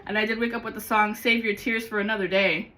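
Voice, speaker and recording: A woman giving a rambling, excitable spiritual vlog monologue as a card-reading guide, swearing freely. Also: mid-range voice, quick pace, rough recording.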